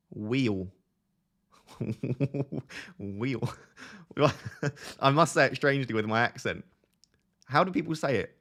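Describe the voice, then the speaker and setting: A man's voice: medium pitch, a bit bright. A young man chatting casually on a live stream, joking and laughing at himself as he talks to his viewers. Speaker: fantasy football streamer.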